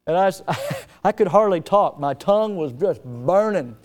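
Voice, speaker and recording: Guy pastor giving a sermon, smooth high voice, tells funny stories with lots of punch. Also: moderate pace. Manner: storytelling preacher, animated, acts out scenes.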